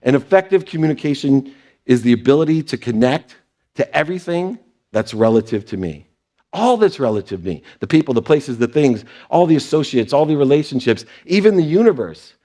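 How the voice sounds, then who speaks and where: A man's voice: medium pitch, very animated, fairly quick, mellow. A man giving a motivational stage talk, telling personal stories and quoting people in brief put-on voices. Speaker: speaker. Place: stage before an audience.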